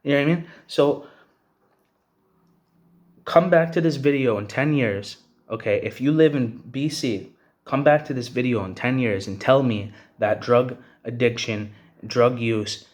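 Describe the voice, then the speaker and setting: A man's voice: mid-range voice, a little slow. An angry young man from Canada, ranting bluntly and profanely to the camera and tossing in "bro" and "you know what I'm saying". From Hamilton, Ontario, Canada. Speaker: vlogger. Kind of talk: angry personal rant to camera.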